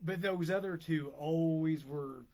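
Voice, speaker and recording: A man's voice: on the high side, unhurried, a little mellow. A man co-hosting a casual podcast, joking and chiming in often. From St. Louis area. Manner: playful, jokey, chimes in often. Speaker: podcast co-host. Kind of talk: casual chat.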